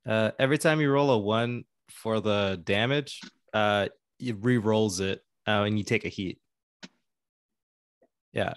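A man's voice: on the low side, measured pace, smooth, no room sound. A man playing a tabletop game who explains the rules to another player, using filler words as he goes.

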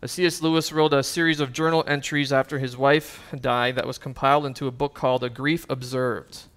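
A man's voice: medium pitch, flat delivery, brisk, a bit bright, clear, resonant tone. A man preaching a sermon as pastor, earnest and conversational, with casual asides and fillers.

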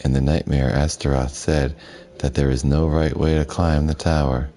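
Very deep-voiced man reading a game aloud. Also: moderate pace. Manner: reads the subtitles aloud flatly, with asides. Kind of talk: casual live-stream narration of a game.

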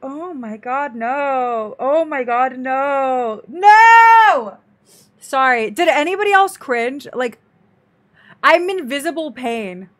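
A woman's voice: sits high, animated, takes it slowly, fairly bright tone. A woman streamer reacting to a video in casual commentary, dramatic and exclaiming, talking to her chat.

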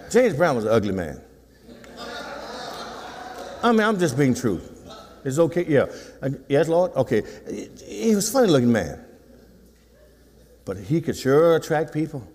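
A man in his sixties, a pastor, preaches a sermon in a folksy, teasing manner and calls for responses from his congregation. His voice is medium in pitch with a darkish tone, and the church sanctuary gives it a long hall reverb.

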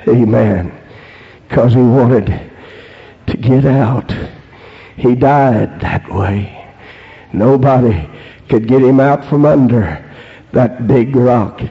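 A male preacher delivering a holiness sermon. He marks phrases with "amen" and swings from hushed storytelling to shouted peaks. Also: mid-range voice, lively intonation, slow pace, long pauses. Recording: dull lo-fi sermon recording.

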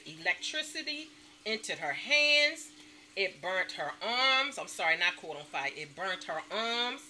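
A woman vlogging from home late at night, chatting to her viewers and calling them honey and y'all at every turn, with loud emphatic stresses. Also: mid-range voice, a little hiss or hum. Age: adult mother. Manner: emphatic, stresses words with bursts of loudness. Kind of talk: casual chat to camera.

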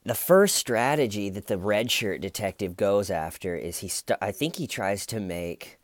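Sardonic man, lowish voice. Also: lively intonation, moderate pace, no room sound. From United States. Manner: sardonic, mocking, rambling with restarts. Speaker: true crime commentator. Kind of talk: casual video commentary.

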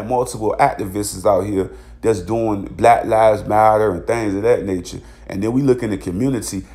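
A man's voice: mid-range voice, creaky, a little mellow. A man, ranting bluntly in a heated, profane vlog commentary. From Virginia, USA. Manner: repeats filler tags. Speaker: vlogger. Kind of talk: angry commentary monologue.

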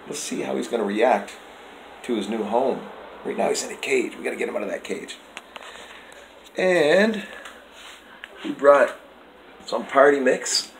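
A man narrating a casual vlog and softly coaxing a timid pet. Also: lowish voice, roomy sound, slight background noise, poor audio. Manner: soft coaxing talk to a pet. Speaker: vlogger.

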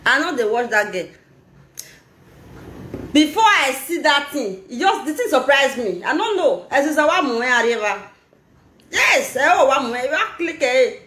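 A Nigerian woman talking on a casual live video, animated and laughing, mixing in pidgin. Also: high-pitched, unhurried, pauses often, echoey room. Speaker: social media vlogger.

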